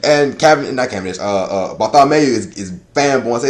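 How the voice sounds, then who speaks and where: A man giving a casual chapter review, talking in a loud, profane, rambling way that is full of laughter. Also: mid-range voice, expressive, quick pace. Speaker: anime and manga reviewer.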